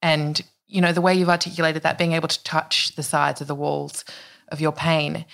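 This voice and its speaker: A woman hosts a conversational interview. Her voice is low and gravelly, with a slight fry. She speaks reflectively and at a measured pace. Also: flat delivery, a bit bright.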